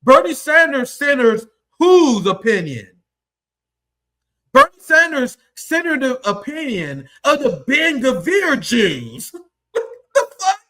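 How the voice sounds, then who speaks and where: High, bright-voiced man ranting heatedly. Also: very animated, slow. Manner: combative, profane, mocking. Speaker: political commentator. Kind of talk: heated political commentary.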